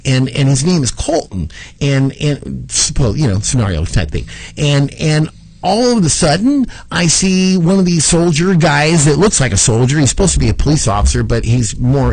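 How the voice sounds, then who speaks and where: A man hosting a talk show, telling a long story in a rambling, animated way with lots of repeats. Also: medium pitch, no room sound, poor audio. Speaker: show host.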